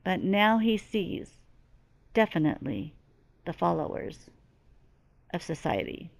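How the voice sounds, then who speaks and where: A woman's voice: on the low side, lively intonation, slow pace, vocal fry, dry recording. A middle-aged woman speaking as a medium in a channeling monologue, earnest and emphatic, with lots of repetition. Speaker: spiritual medium.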